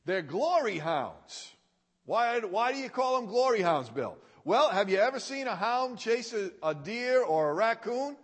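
A man's voice: sits high, very animated, a little slow. A male preacher giving a sermon in a folksy way, repeating key phrases for emphasis, heard with a long hall reverb.

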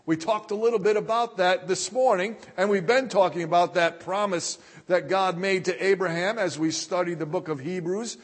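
Male pastor, high register, slow deliberate sermon delivery, echoing hall reverb. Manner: deliberate preaching, reading scripture aloud.

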